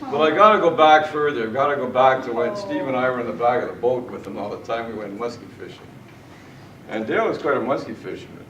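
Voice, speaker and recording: A man's voice: mid-range voice, quick pace. A middle-aged man telling fishing anecdotes in a tribute speech at a party, chuckling often as he goes. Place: large indoor party room. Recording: echoey, distant, noisy party room.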